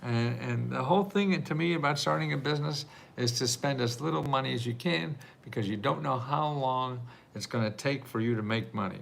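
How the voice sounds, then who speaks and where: Gravelly older man chatting on a livestream. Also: mid-range voice, a little fast, hardly any pauses, fairly bright tone. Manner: chatty, rambling, laughs often. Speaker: livestream host answering viewer questions about grants. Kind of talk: casual live Q&A.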